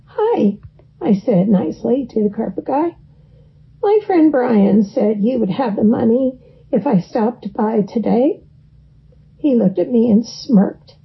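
A woman's voice: fairly high pitch, creaky, husky. A woman reading her own memoir aloud in a wry, dry storytelling manner. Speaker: narrator. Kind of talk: first-person memoir reading. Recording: dull lo-fi recording.

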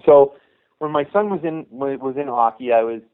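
A middle-aged man spins a long, rambling story, looping back over his own words. His voice comes through a narrow, tinny phone-like line. He sits at an everyday pitch. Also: animated, normal speed. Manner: rambling, many restarts and "you know". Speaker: youth hockey coach, guest. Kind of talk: casual storytelling interview.

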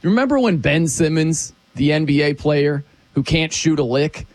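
A man hosting a casual sports talk show, animated and jokey, from the United States. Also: moderate pace. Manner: animated, jokey, swoops his pitch around.

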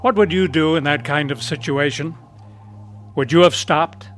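A man announcing and narrating a radio drama in a measured, earnest way. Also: a little high, fairly bright tone, faint music behind.

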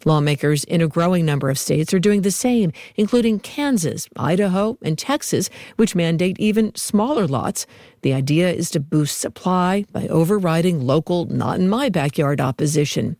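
A female reporter narrating a news feature with a measured, even delivery. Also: on the low side, dry recording, clean studio sound.

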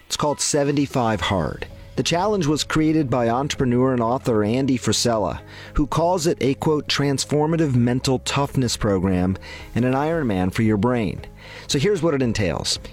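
Guy doing a health explainer, calm and steady, bit of music in back. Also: mid-range voice, moderate pace. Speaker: health segment host. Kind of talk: scripted health commentary.

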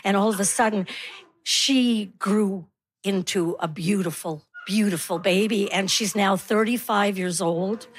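A woman's voice: mid-range voice, unhurried. A woman in her sixties doing a stand-up comedy set, telling wry stories and acting out the people in them. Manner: wry storytelling, acts out quoted voices.

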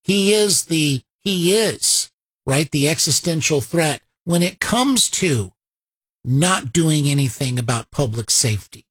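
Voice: medium pitch, animated, takes it slowly, slightly rough. A political commentator reacting to a played clip, firing off rhetorical questions and sarcastically quoting opponents.

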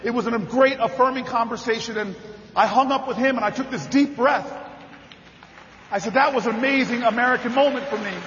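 A politician telling a story and building to rally cries in an impassioned campaign speech at a convention. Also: male voice, extremely high pitch, brisk, fairly bright tone, slight background noise. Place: large convention hall. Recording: reverberant hall, dull sound.

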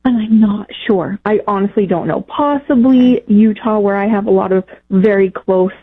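A woman calling in to a radio advice show, talking in a halting, emotional way with many pauses and fillers. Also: mid-range voice, slightly rough. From Texas, United States. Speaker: caller. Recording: phone-line call.

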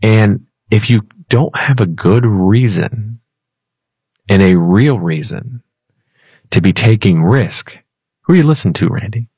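A man's voice: lowish voice, lively intonation, unhurried, darkish tone, slightly rough, no echo, clean studio sound. A man co-hosting a financial radio show, chatting in a playful, storytelling way. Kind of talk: casual talk radio chat.

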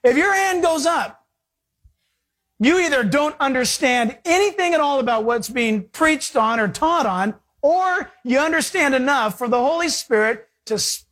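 Male preacher, husky tone, animated sermon delivery with big shifts in pitch and pace. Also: a little slow.

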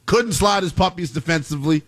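A man hosting a sports show, giving emphatic, exasperated commentary in quick run-on rants. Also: a little high, a bit bright.

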